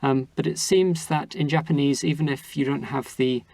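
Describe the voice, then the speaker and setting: A man with a gravelly, husky voice, recorded close and dry. He speaks as an interview guest, laying out ideas in a patient, explanatory manner. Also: mid-range voice, moderate pace, no echo. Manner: explanatory, steady and considered. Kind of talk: conversational interview.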